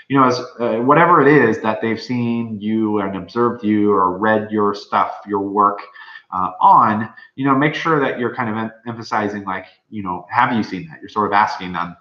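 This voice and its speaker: A man's voice: moderate pace, bright, forceful tone. A young man, a medical student, giving rambling, informal advice with many fillers. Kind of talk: casual advice talk. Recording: dull, roomy low-fi recording.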